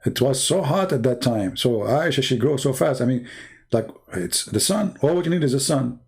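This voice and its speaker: A man's voice: mid-range voice, expressive, normal speed, creaky, a little mellow, slightly rough. A man hosting a live stream, rambling in a mocking, sarcastic way in broken English, saying he is losing his voice. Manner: sarcastic, rambling, heavy non-native English.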